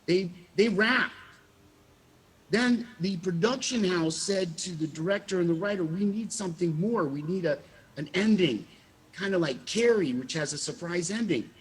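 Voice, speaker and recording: A man, a former child actor, telling animated stories in a casual interview and acting out the quotes. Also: high-pitched, normal speed, slightly rough. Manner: animated storyteller, acts out quotes with laughs.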